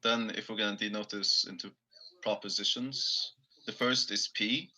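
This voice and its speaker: A man answering in a recorded debate. His voice sits low yet sounds bright and tense, and his talk is hesitant and full of fillers. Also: steady tone, moderate pace, poor audio. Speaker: debate opponent.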